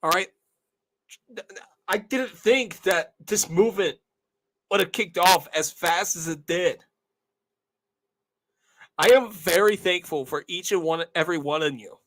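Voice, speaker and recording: Young male host, slow and earnest, bright tone, emotional address to viewers. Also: high-pitched. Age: 20s. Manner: earnest, repeats "all right?". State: emotional, tearing up. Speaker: channel host. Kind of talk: casual monologue to viewers.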